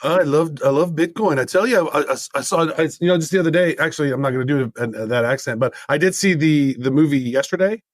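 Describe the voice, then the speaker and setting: A man's voice: fairly high pitch, fast, few pauses, dry recording. A man co-hosting a podcast, chatting in an easygoing, rambling way. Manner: rambling, easygoing, with playful mock voices. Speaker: podcast co-host. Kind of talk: casual podcast banter.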